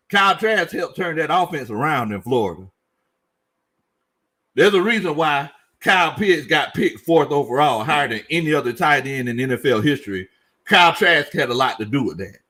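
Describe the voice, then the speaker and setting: A man's voice: fairly high pitch, lively intonation, moderate pace, pushed and bright. A man hosting a casual sports commentary livestream, reading out chat comments and joking, repeating lines for emphasis. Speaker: sports show host.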